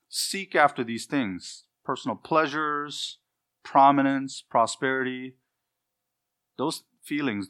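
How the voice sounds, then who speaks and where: A man's voice: medium pitch, bright, forceful tone. Earnest emphatic preacher, male. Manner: earnest, emphatic, builds phrases in lists. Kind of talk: expository sermon.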